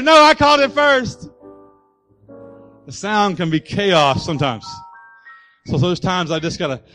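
A man's voice: fairly high pitch, a bit bright. A man preaching a sermon as pastor, with rising and falling emphasis and acted-out voices.

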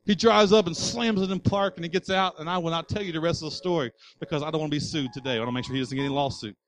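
A man's voice: a little high, steady tone, racing, rough recording. A male pastor preaching a sermon. He speaks in an emphatic, repetitive preaching cadence with folksy asides to the congregation. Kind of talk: sermon with personal storytelling.

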